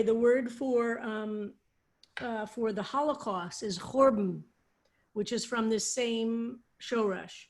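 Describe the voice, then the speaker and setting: A woman's voice: a little high, a little mellow. A woman rabbi teaching a psalm study over a video call, patiently explaining Hebrew words. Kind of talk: online Hebrew text lesson.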